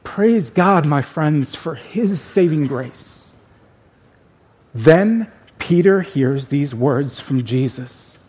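A man preaching a sermon as pastor, speaking slowly and deliberately with dramatic pauses. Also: on the high side, animated, darkish tone, breathy edge.

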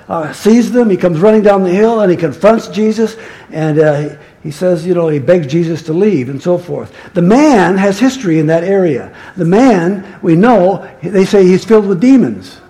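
A man's voice: high voice, a little mellow. A male pastor preaching a sermon in a conversational storytelling manner that turns emphatic.

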